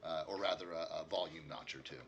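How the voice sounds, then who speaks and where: A man narrating as the game master of a tabletop game, in an animated, self-correcting way. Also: low-pitched, quick pace, muffled recording, a little hiss or hum.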